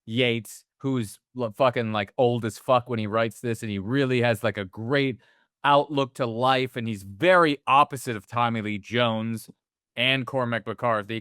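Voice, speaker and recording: A man's voice: medium pitch, steady tone, measured pace, a bit bright, smooth, dry recording, studio quality. A man co-hosting a movie podcast, talking casually and animatedly, swearing often and acting out characters' lines. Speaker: podcast co-host.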